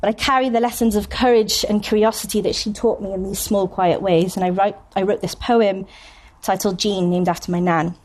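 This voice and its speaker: A woman's voice: mid-range voice, fairly even intonation, a little mellow. Woman reading poetry at a conference. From Wales. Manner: measured storytelling with wry humorous asides; slows down and reads poems deliberately. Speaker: poet giving a conference talk. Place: university conference room.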